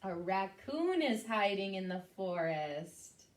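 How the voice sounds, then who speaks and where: A woman, a children's librarian, leading an animated storytime guessing game for kids. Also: mid-range voice, slow.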